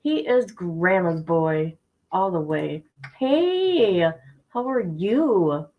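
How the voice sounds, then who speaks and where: A woman's voice: on the low side, big pitch swings, extremely slow, phone-quality sound. A middle-aged woman hosting a livestream, chatting casually with viewers, talking straight to them and repeating points for emphasis. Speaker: livestream host. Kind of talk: casual chat with stream viewers.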